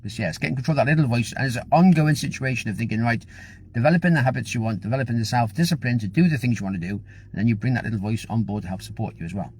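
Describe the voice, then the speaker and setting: A man's voice: medium pitch, rapid-fire, a little mellow, slightly rough. A man giving a casual, chatty motivational talk to camera, encouraging and a little repetitive. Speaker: motivational vlogger.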